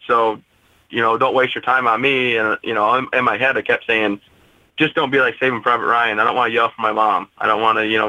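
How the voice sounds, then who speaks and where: A man in his twenties telling a personal story as an interview guest, steady and matter-of-fact. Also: medium pitch, dry recording, poor audio. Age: 20s.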